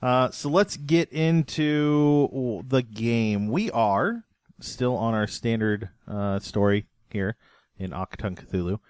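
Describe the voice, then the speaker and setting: A man's voice: medium pitch, a little mellow, clean tone, dry recording, studio quality. A man running a tabletop game as game master, talking casually and hesitantly, with many fillers and restarts. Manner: halting, full of fillers and restarts.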